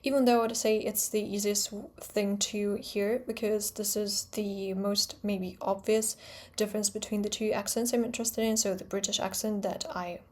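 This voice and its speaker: A woman with a Russian accent who speaks Russian natively, explaining her own accent-training method in quick, precise steps and stressing example sounds. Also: mid-range voice, level tone, a little mellow. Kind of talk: explanatory talk to camera.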